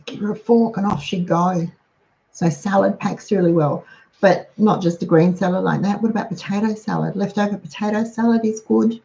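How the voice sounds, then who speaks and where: A woman's voice: mid-range voice, steady tone, moderate pace, creaky, dark tone, highs cut off. A middle-aged woman chatting casually as a host, running through practical lists of lunchbox ideas. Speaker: host giving lunchbox tips. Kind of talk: casual how-to talk.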